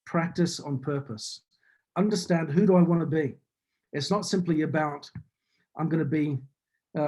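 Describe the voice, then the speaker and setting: A man's voice: on the high side, warm tone. A man with a New Zealand accent giving a motivational business talk over a video call, building his points in earnest, repeating phrases. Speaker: business speaker.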